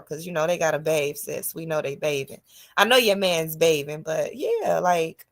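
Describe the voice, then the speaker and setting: A woman hosting a podcast, delivering a loud, animated comedic monologue to her listeners. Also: lowish voice, unhurried. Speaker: podcast host.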